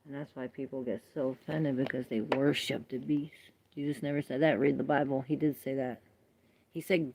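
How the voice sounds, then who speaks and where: A woman's voice: a bass voice, fairly even intonation, normal speed, vocal fry, darkish tone, slightly rough. A woman hosting a tarot livestream, rambling in casual chat, laughing often and reacting to viewer comments.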